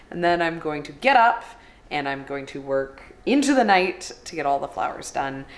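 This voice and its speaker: A woman's voice: sits low, reverberant. A woman flower farmer narrating her vlog casually, wry and self-mocking, laughing often. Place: flower farm, outdoors and in a work shed.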